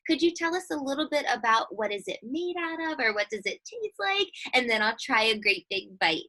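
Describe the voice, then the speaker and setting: Cheerful high-voiced teacher. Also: female voice, sing-song, fairly quick, sharp tone. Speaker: host, teacher. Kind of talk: kids' show interview.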